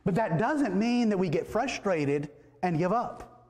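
Folksy pastor in an echoey hall. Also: male voice, high-pitched, expressive, unhurried, darkish tone. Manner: folksy, joking, repeats words. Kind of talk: sermon. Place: church sanctuary. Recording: echoey church hall reverb.

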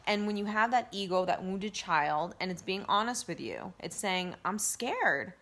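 A woman life coach giving casual self-help advice to camera, earnest and gently coaching, with lots of fillers. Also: mid-range voice, lively intonation, unhurried. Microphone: handheld phone camera.

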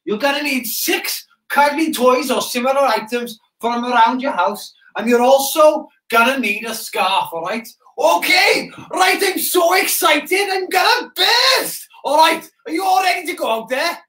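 A Welsh man hosting a live interactive children's broadcast in character as a soldier, excitable, shouty and chatty with the viewers. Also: extremely high pitch, moderate pace, hardly any pauses. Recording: roomy echo.

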